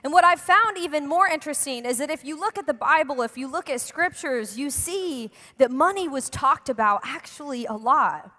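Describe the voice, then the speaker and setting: A woman's voice: high-pitched, animated, normal speed, few pauses, bright, forceful tone. A young woman preaching a sermon in a church, chatty and joking with the congregation. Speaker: pastor. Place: church hall. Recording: long hall reverb.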